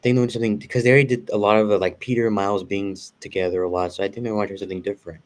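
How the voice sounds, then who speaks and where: A man's voice: on the low side, flat delivery, very fast, a little mellow. A man talking casually as a guest, rambling with lots of fillers and restarts. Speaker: guest reviewing a show. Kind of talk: casual conversation.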